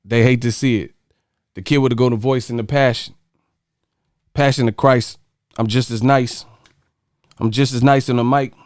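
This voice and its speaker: A man's voice: medium pitch, fairly even intonation, moderate pace, long pauses, dry recording, studio quality. A man hosting a casual livestream chat, joking with viewers and breaking into sung snippets and movie impressions. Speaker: livestream host.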